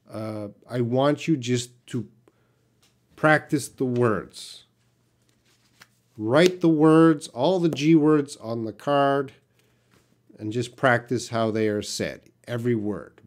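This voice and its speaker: A man's voice: medium pitch, a little mellow. A Canadian man, an English teacher, answering viewers' questions patiently in a live-stream lesson.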